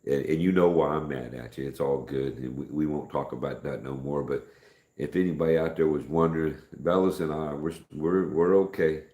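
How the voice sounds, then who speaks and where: A middle-aged man hosting a casual live stream, rambling in a folksy way, greeting viewers by name and speaking softer than usual. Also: a bass voice, steady tone, normal speed, roomy sound.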